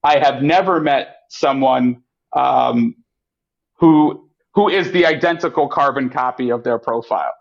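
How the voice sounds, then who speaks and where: A man guest on a podcast, chatting casually and acting out quotes in lively voices. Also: measured pace, gravelly. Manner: animated, acts out quotes with pitch jumps. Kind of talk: casual storytelling chat. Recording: muffled lo-fi audio.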